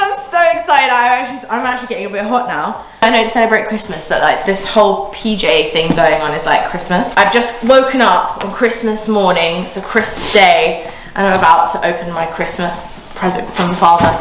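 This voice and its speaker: A young woman vlogs from an indoor room, voice set at a middling pitch. She chats to camera in a lively, excitable way and gives blunt opinions. The room sounds roomy and echoey, with faint noise in the background. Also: moderate pace. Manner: chatty, excitable, candid opinions. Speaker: unboxing vlogger. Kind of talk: casual chat to camera.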